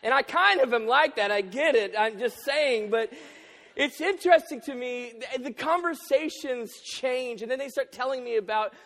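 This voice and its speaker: Pastor preaching, high voice, jokey and candid, long hall reverb. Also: male voice, moderate pace, a bit bright. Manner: joking, self-deprecating, candid. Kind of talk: sermon. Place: church auditorium.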